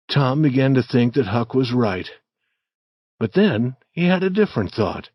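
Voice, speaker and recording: A man narrating an audiobook story for English learners in a slow, clear, deliberate reading. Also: medium pitch, very animated, a little mellow, no room sound, clean studio sound.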